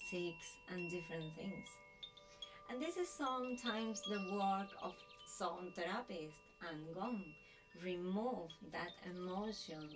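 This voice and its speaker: A woman hosting a sound healing stream, chatting casually in halting, non-native English. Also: medium pitch. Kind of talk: casual live-stream chat. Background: singing bowls and chimes.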